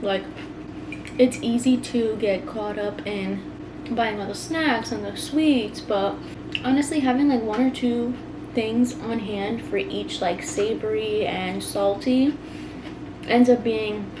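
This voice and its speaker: A young adult woman talking casually in a vlog, chatty and relaxed, with lots of "like" fillers. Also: a little high, takes it slowly, background noise. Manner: chatty, filler-heavy, relaxed talk with many "like"s. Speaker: vlogger.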